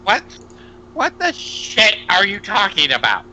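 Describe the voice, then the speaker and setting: A man playing a tabletop game on a live stream, blunt and swearing, with drawn-out hesitations, on dull lo-fi stream audio. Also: sits high, huge pitch swings, bright, forceful tone, slight background noise. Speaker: player.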